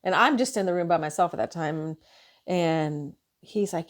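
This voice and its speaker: A woman's voice: fairly low pitch, brisk. A woman nurse venting in a casual monologue, frustrated and swearing as she retells her shift. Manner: frustrated, profane, animated retelling.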